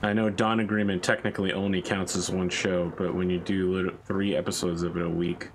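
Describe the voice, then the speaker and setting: A deep-voiced man hosts a game stream, tossing off jokes and tangents in loose casual chat. His talk wanders and restarts, and a faint hum sits in the background. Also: flat delivery, fairly quick, rough recording. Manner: joking, rambling banter with restarts.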